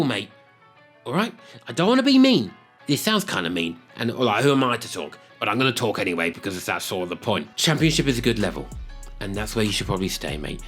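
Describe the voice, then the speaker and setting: Animated, sarcastic man. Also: mid-range voice. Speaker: football video host. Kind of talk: opinionated football predictions.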